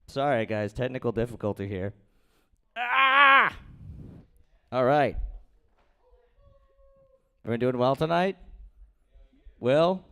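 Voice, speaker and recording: A man's voice: medium pitch, sing-song, takes it slowly, gravelly, long pauses, pushed and bright, clear, resonant tone. A man doing a crude, rambling, self-deprecating stand-up set at an open mic in a small comedy room, speaking into a handheld stage mic.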